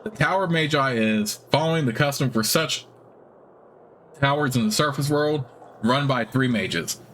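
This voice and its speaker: A man's voice: medium pitch, normal speed, fairly bright tone, slight background noise, close to an everyday voice. Chatty elderly wizard, eager, talkative, lonely, a man voicing him, fantasy game dialogue. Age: older.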